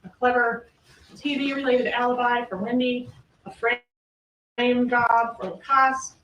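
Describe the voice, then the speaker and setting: A woman's voice: a little high, flat delivery, fairly bright tone, dull audio. A woman prosecutor giving a closing argument in court, pressing the jury with pointed rhetorical questions. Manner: rhetorical questions, emphatic pauses. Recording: echoey courtroom audio from far off.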